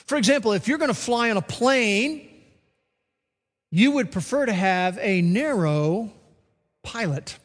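A pastor with a high voice preaches slowly and deliberately, expressive throughout. Every so often he acts out funny voices for the characters in his stories, and his words echo with the long reverb of a big church hall.

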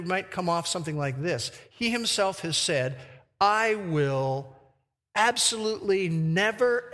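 A man preaching a sermon who reads scripture slowly and with emphasis. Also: high voice, bright, forceful tone, in a large hall. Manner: slow, emphatic verse reading.

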